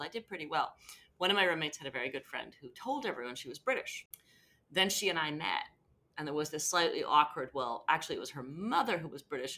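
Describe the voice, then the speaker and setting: A middle-aged American teacher telling a story in an interview, animated and laughing often. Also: female voice, low voice. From United States. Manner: animated storyteller, laughs through her words.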